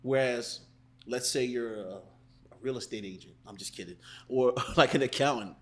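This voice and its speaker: Animated man acting out sales calls. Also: mid-range voice, moderate pace. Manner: animated, acts out sales calls in different voices. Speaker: sales coach guest. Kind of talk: casual interview chat.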